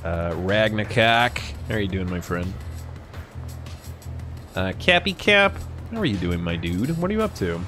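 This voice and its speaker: A man's voice: fairly low pitch, sing-song, a little slow, pauses often, sharp tone, faint music behind. Profane, rambling man streaming. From United States. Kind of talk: casual live-stream chat.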